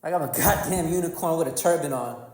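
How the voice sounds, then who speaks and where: Brash high-voiced comedian in echoey room. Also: male voice, quick pace, noisy background. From North Carolina. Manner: brash, profane, mocking storytelling. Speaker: stand-up comedian. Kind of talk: stand-up comedy routine. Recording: echoey room with long reverb.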